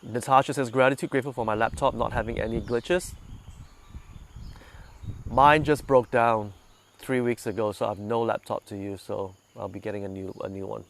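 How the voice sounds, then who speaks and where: A man leading a meditation group, talking gently and conversationally and putting questions to his listeners, a little congested from sinus trouble. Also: fairly low pitch, fairly even intonation, normal speed, creaky, slight background noise. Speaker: meditation guide. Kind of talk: relaxed talk to a meditation group.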